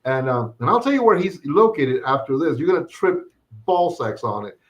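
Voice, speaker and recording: A man's voice: fairly high pitch, normal speed. A man co-hosting a podcast, telling a story in casual chat and acting out the quoted lines. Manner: animated storyteller who acts out quoted dialogue. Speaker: podcast co-host.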